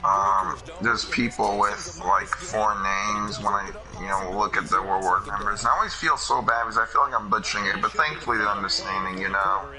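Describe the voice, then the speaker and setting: A man casually commentating a football video game with a friend, chatty and quick to laugh at his own slips. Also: lowish voice, music in the background, rough recording.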